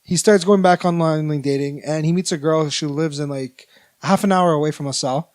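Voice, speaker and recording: A young man co-hosting a laid-back podcast. His voice sits a little high for a man, and he tells stories in a loose, rambling way, full of "like" and false starts. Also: brisk, a little mellow. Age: 20s. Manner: rambling storyteller, lots of "like" and restarts. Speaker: podcast co-host. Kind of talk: casual chat.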